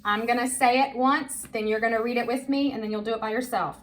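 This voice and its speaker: A woman's voice: on the high side, steady tone, fast. A woman teacher leading a children's reading lesson, patient and encouraging, spelling words out letter by letter.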